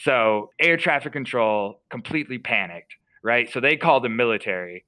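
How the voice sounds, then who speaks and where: A man's voice: mid-range voice, lively intonation, normal speed, sharp tone, no echo, poor audio. A young man, a podcast co-host, casually retelling a story with lots of fillers and restarts.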